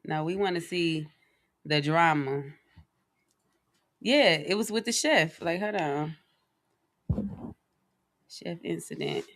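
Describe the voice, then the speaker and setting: Woman cohost bantering loose, blunt, crackly voice, bursts out loud. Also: lowish voice, takes it slowly, pauses often. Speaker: show co-host. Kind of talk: casual podcast banter.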